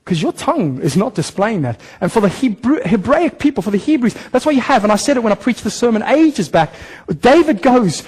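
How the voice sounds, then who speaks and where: Guy pastor preaching, pretty high voice, lively, jumps into little acted voices. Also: a little fast, breathy edge, long reverb tail, rough recording. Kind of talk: sermon. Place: church hall.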